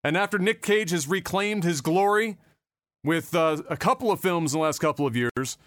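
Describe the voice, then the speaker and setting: A talkative man hosts a casual podcast, his voice sitting a little high for a man. He rambles loosely from one topic to the next and swears without a second thought. The sound is close and dry, with no room around it. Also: normal speed, a bit bright, no echo. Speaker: podcast host. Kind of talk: casual chat.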